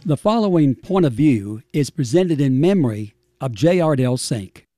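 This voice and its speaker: A man's voice: medium pitch, animated, normal speed. A man reading a friendly, polished radio commercial. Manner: friendly, polished announcer read. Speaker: radio announcer. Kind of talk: read commercial. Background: music bed.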